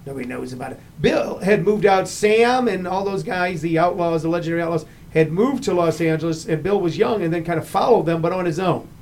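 A middle-aged man hosting a casual chat, telling anecdotes with lively acted-out quotes. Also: high-pitched, a little fast, hardly any pauses, slight background noise. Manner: animated storyteller, acts out the people he quotes. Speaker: podcast host.

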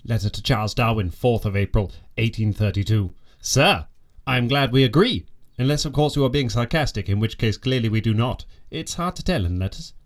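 A man's voice: mid-range voice, fairly quick, close to an everyday voice. A man playing a pompous, petty ship's naturalist who reads out stiff, self-important letters and diary entries in a comic audio drama.

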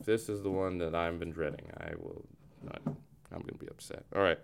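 A man hosting a casual sports podcast, joking with mock-dramatic groans and quick sign-offs. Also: deep voice, wildly swooping pitch, gravelly, very noisy. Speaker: host.

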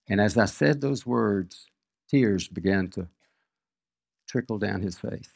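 An older man preaching a sermon, reading scripture and telling personal stories in a slow, measured way. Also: on the low side, gravelly, dry recording, clean studio sound.

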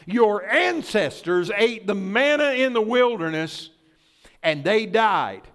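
Older male pastor, high voice, slow deliberate delivery, fervent sermon style. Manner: fervent, excitable, builds to shouts.

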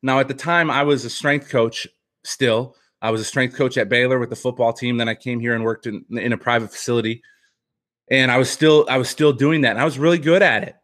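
A man who is a former pitcher and author, telling a personal story as a podcast guest in an earnest, reflective way, often restarting sentences. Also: fairly even intonation, fairly quick, a bit bright.

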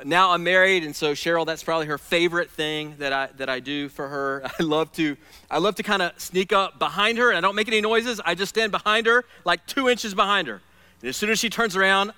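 A man preaching a sermon, telling stories in a playful, animated way and acting out the scenes he describes. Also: on the high side, clean tone, no room sound. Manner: animated, playful storyteller who acts out scenes. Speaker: pastor.

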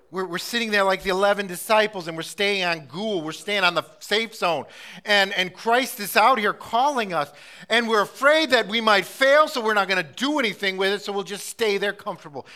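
A middle-aged male pastor delivering a sermon with a high, bright, forceful voice. His passion swings between loud, pressing urgency and quiet, close moments.

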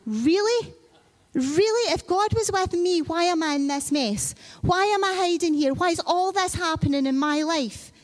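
A woman preacher voicing a doubtful man who scoffs at being called mighty. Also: moderate pace. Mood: scoffing. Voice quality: incredulous, high and questioning.

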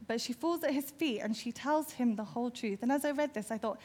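Brief: female preacher, imaginative narration, a touch high-pitched. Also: lively intonation, a little fast, hardly any pauses, a little mellow, slightly rough. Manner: storytelling, vivid and imaginative. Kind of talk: sermon.

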